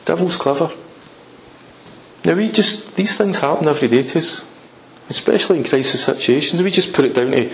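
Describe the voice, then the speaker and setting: A man preaching a sermon in an emphatic way, repeating his points and swinging between loud and hushed delivery. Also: medium pitch, normal speed, gravelly, reverberant, a little hiss or hum, rough recording.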